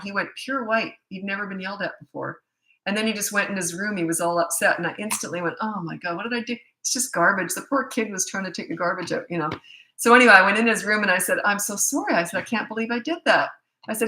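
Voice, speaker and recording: A woman's voice: on the low side, bright, forceful tone, roomy sound. A middle-aged woman, a parenting coach, answering viewer questions in a chatty, blunt way with self-deprecating asides. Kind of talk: casual live Q&A.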